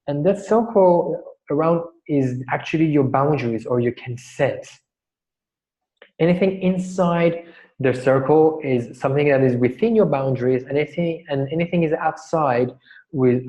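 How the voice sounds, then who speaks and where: The audio is poor, and this man's mid-range voice has a darkish tone. Teaching a workshop, he wanders through stories and explanations, frequently starting over mid-thought.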